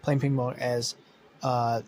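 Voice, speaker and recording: Guy making up a story as he goes, lots of uh and sorry, swears a bunch, middle pitch, faint noise behind. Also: flat delivery, takes it slowly, darkish tone, poor audio. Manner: rambling, swearing, many fillers and self-corrections. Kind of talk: casual improvised story narration.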